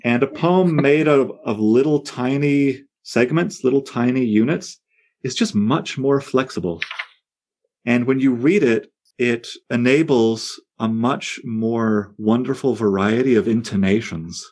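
A man teaching a poetry class, talking in a lively, digressive way that often breaks off into asides. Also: mid-range voice, measured pace. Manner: animated, digressive, self-interrupting. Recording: on air class broadcast.

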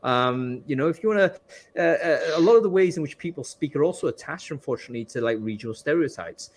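A man's voice: fairly high pitch, lively intonation, quick pace. A man hosting a live panel discussion, speaking thoughtfully and hesitantly, with many fillers. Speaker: host.

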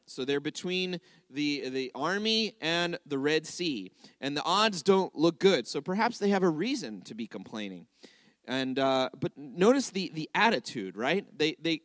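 A man's voice: on the high side, a bit bright, no echo, clean studio sound. A man giving an interactive sermon to a congregation, conversational and often checking in with his listeners. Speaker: congregational teacher.

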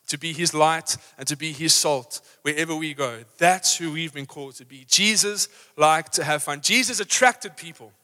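A man preaching an energetic, rousing live sermon in a church, acting out his examples. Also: fairly high pitch. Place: church auditorium. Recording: live church hall reverb.

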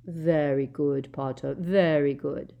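A scheming storybook villain drawls his words slowly and softly, savoring every threat, as a woman reader puts him on. His voice sits low and hushed. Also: lo-fi sound. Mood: gloating. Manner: slow, smooth and malicious. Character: cold, scheming grown man, masked villain.

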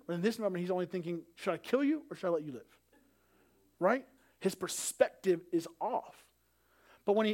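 Fast, high-voiced pastor preaching. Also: male voice. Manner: animated storytelling, acting out family dialogue. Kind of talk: sermon.

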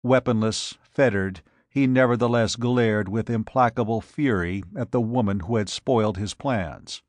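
A man reading a pulp adventure aloud as narrator, with a measured, dramatic delivery. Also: on the low side, no room sound. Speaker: audiobook narrator. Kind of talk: scripted narration.

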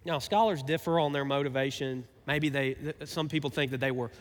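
A man's voice: mid-range voice, a little fast, long reverb tail. A man preaching a sermon as pastor, talking conversationally and asking his listeners rhetorical questions.

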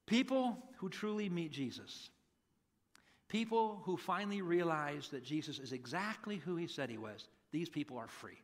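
Preaching at normal speed, a man with a slightly high voice and lively intonation talks to his congregation in a conversational way. He brings the story's characters to life by acting out their lines.

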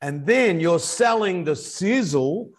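A man's voice: high-pitched, slow pace. A man co-hosting a casual business chat, telling stories with animation. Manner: animated storyteller. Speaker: podcast co-host.

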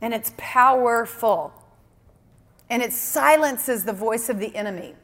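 High-voiced woman preaching in a hall. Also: unhurried, a bit bright. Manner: earnest, emphatic, repeats key phrases. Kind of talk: sermon.

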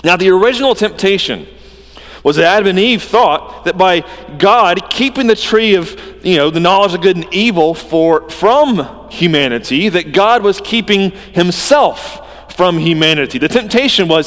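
A man preaching a sermon, earnest and emphatic, swinging between loud stresses and quiet drops. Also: high voice, animated, normal speed, big-room sound.

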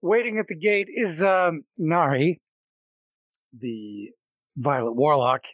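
A man's voice: fairly high pitch, slow pace, a bit bright, no room sound. A man narrating a tabletop game as game master in a casual, jokey, rambling way.

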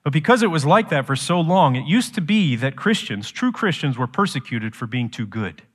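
A man preaching a sermon as pastor, shifting from quiet explanation to loud, slow, emphatic lines. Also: a little high, very animated, husky, long reverb tail.

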